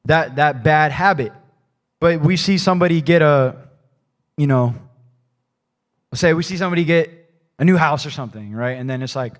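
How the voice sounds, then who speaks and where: Casual higher-pitched male preacher. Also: moderate pace, long pauses. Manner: casual, rambling, peppered with "like" and "right?". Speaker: pastor. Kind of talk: conversational sermon. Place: church.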